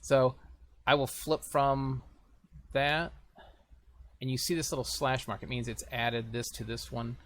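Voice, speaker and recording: Guy with a gravelly voice walking thru video editing, rambly, thinking out loud, bit of hiss behind. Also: medium pitch, flat delivery, unhurried, long pauses. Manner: rambling, thinks aloud while clicking through software. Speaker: video tutorial host. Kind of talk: casual screen-recorded tutorial.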